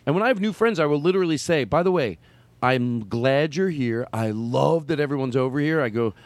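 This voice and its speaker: A man hosting a talk show, rambling through his stories with quick asides and bursts of animation. He sounds close to the mic in a very dry, dead space. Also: medium pitch, expressive, dry recording. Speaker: podcast host. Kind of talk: casual chat. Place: room with a small audience.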